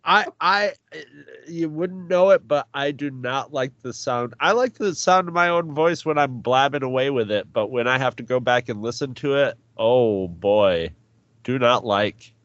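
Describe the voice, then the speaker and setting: A man co-hosting a podcast, his voice of ordinary pitch, trading wry jokes. The recording is dry and somewhat dull. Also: animated, a little slow, fairly bright tone, dry recording. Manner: wry, joking. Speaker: podcast co-host. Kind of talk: casual chat.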